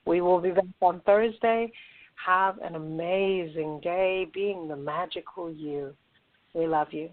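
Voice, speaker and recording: A woman hosting a spiritual talk show, speaking in a gentle, affirming way and laughing easily. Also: fairly low pitch, slow, phone-quality sound. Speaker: host and channeler.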